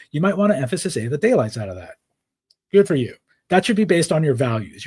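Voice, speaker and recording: A man with a slightly husky voice talks through his ideas as a podcast guest. He explains in a conversational way and keeps checking in with the listener. His pitch sits in a middle range. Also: darkish tone, no echo. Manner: explains frameworks with many "right?" tags. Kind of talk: conversational interview.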